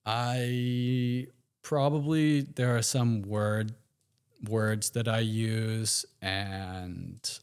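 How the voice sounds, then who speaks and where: An American man, a podcast guest, telling stories in a relaxed, rambling way with plenty of fillers and restarts. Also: fairly low pitch, drawn-out words, clean tone. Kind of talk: casual interview storytelling.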